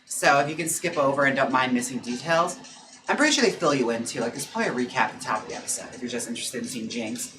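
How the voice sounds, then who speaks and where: Casual and gossipy, a young adult drag performer reads his viewers' comments on a live stream, filling his speech with "like" and "girl" and quick bursts of laughter. His mid-range voice is animated, with background noise and music in the mix.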